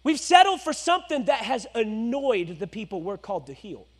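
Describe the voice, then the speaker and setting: A male pastor preaching a sermon, swinging between loud exhortation and hushed, low asides. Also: big pitch swings, normal speed.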